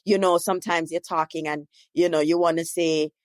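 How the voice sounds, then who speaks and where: Low-voiced chatty woman host. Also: steady tone, a little fast, no echo. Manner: chatty, frequent "you know" and "right?". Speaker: podcast host. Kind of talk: casual podcast conversation.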